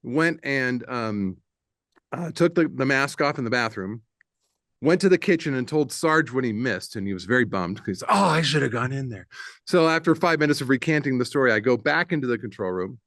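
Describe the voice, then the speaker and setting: A man's voice: mid-range voice, normal speed, dry recording. Middle-aged man telling studio anecdotes. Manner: animated anecdote-teller, laughs often, slips into voices for others. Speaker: guest, producer and audio engineer. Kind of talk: casual interview storytelling.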